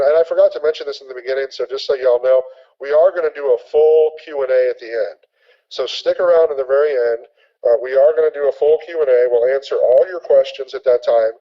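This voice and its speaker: A man teaching a sales training webinar, energetic and repetitive, acting out sample conversations. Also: medium pitch, lo-fi sound.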